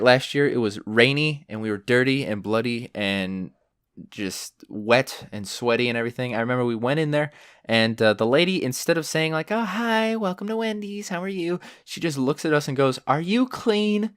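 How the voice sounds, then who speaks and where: A young man tells stories on his own podcast in a loose, rambling way, full of fillers and sarcastic asides. His voice sits at an ordinary middle pitch and climbs sharply when he gets indignant. The room sounds dry and close. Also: normal speed, a bit bright, clear, resonant tone, dry recording. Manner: rambling and sarcastic, many fillers, jumps higher when riled up. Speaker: podcast host. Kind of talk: casual solo storytelling.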